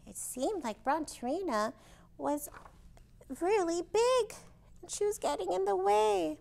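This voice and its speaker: A woman librarian reading a storybook aloud to toddlers, animated and expressive with chatty asides. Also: high-pitched, a little slow, creaky. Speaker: children's librarian.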